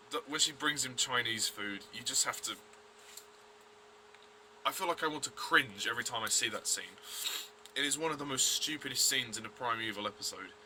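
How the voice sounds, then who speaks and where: A man's voice: mid-range voice, normal speed, bright, forceful tone, a little hiss or hum. A man giving a blunt, rambling review of a TV episode, full of fillers and restarts. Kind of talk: casual review vlog.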